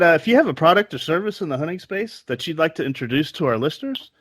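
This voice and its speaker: A man hosting a podcast, friendly and quick to laugh, with folksy greetings. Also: a little high, a bit bright, no room sound. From Texas. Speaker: podcast host. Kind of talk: casual chat and host reads.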